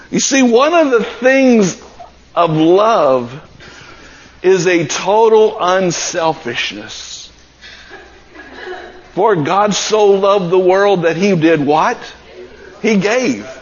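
High-voiced preacher, slow and earnest. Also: male voice, muffled recording. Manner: earnest preaching with rising emphatic passages. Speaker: pastor. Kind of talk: sermon.

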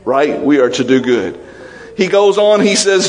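Pastor guy preaching, gets all emotional then drops way down low, big echoey church hall. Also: measured pace. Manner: emotional, animated preaching with laughs and sudden drops to low, quiet tones. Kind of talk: sermon.

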